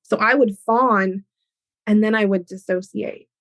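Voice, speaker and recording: A woman hosting an educational podcast, explaining ideas in an animated way with everyday examples. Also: mid-range voice, a little slow, dry recording. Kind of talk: teaching talk on a podcast.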